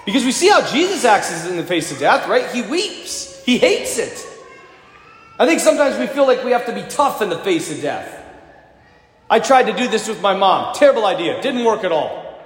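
A man, a priest, preaching a sermon in a church and telling stories with lively, animated delivery. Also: extremely high pitch. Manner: animated storyteller, acts out children's voices. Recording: echoey church hall with long reverb.

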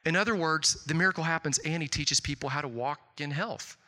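Give me a middle-aged male pastor delivering a sermon in a big hall, with the reverb trailing after his words. His voice is very bright and a bit higher than most men's. He tells stories in an animated way and throws in a loud, high-pitched voice whenever he quotes someone. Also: a little fast.

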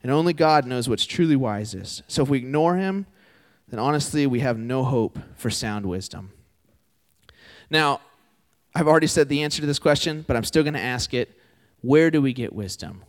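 A man in his twenties gives a sermon in a relaxed, conversational way, often turning questions to the audience. His voice sits in a middle range. The sound carries a long reverb, as in a big hall. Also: medium pitch. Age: 20s.

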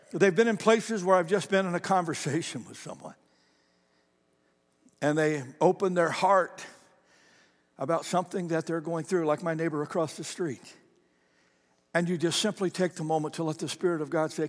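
A man preaching a sermon as a pastor, animated, moving between loud emphasis and soft storytelling. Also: high-pitched. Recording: long hall reverb.

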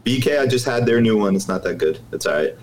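A man with a mid-pitched, lively voice co-hosts a casual chat. He talks playfully and laughs easily between points. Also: fast, a little hiss or hum.

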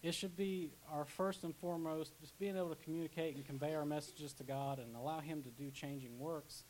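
A man's voice: a little high, steady tone, fairly quick, a little mellow, poor audio. A young man preaching a casual sermon as pastor, chatty, with asides and restarts. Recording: faint hiss.

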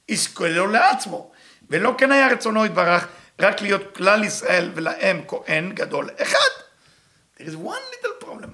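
Guy teaching torah, swoops up and down a lot, high voice, hammers his points with questions. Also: very animated, very fast, sharp tone. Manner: emphatic, repeats points with rhetorical questions. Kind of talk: animated Torah lesson.

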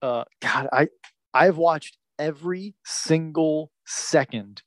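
A man's voice: on the high side, slow pace, no room sound. Podcast cohost guy, kinda hesitant, laughs a lot, dry mic. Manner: hesitant, lots of fillers and restarts, laughs a lot. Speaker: podcast co-host. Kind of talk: casual chat.

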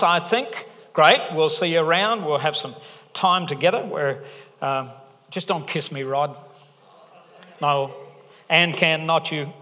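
A middle-aged man, the pastor, delivers a sermon in a fairly high, pushed and bright voice, his words echoing with a big hall's long reverb in a church auditorium. He jokes and chats, then builds toward emphatic points.

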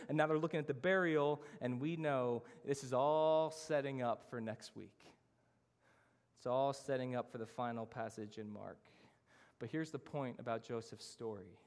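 A man preaching a sermon as pastor, earnest and emphatic, moving through his points in lists. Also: mid-range voice. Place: church hall. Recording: church sermon with long hall reverb.

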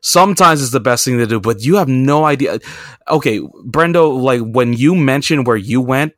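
A podcast host spins rambling, profane, self-mocking travel stories in a casual storytelling chat. His medium-pitched voice has a fairly bright tone and lively intonation, moving at a normal speed, and the recording is dry.

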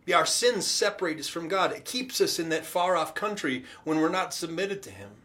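A man's voice: a little high, normal speed. Conversational male pastor preaching. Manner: retells scripture with lively acted-out quotes, conversational. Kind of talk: sermon.

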